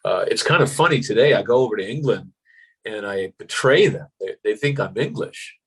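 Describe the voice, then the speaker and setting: A man's voice: fairly low pitch, fairly quick, slightly rough, low-quality recording. An American actor being interviewed, talking animatedly with lots of fillers and acted-out voices in his stories. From United States. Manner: animated, acts out voices in anecdotes, frequent fillers. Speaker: actor guest. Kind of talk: casual interview.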